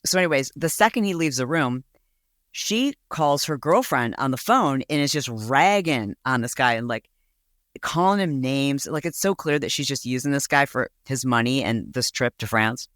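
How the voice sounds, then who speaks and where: A woman's voice: very deep voice, animated, moderate pace, a bit bright, dry recording, clean studio sound. A woman hosting a podcast, telling a story in a casual, gossipy way and acting out voices in quotes. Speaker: podcast host.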